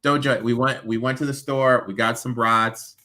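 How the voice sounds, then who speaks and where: A man's voice: medium pitch, flat delivery, moderate pace, sharp tone. A man hosting a sports betting show, chatting casually and rattling off baseball stats.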